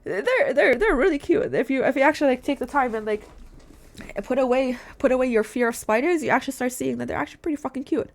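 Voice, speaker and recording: A woman's voice: high voice, animated, quick pace, gravelly. A young woman in her twenties talking straight to her viewers in a candid, rambling monologue, swearing freely and leaning on "like" as she talks. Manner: candid, swears often, heavy filler "like", addresses viewers as guys. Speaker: vlogger.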